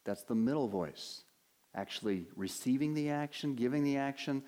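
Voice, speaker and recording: A man's voice: mid-range voice, animated, normal speed, mellow. An earnest male pastor delivers a sermon from the pulpit, pressing his points with emphatic rhetorical questions. His voice sits in a middle register. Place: church sanctuary at a pulpit.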